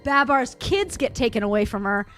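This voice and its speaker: A woman co-hosting a let's play, telling a rambling, gossipy story with blunt dark humor in casual chat. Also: a little high, animated, moderate pace. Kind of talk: casual chat over gameplay.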